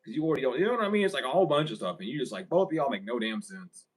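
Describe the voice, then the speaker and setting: A man's voice: medium pitch, lively intonation, racing, breathy edge, low-quality recording. A young man vlogging a casual story. He rambles, swears freely and laughs often as he talks.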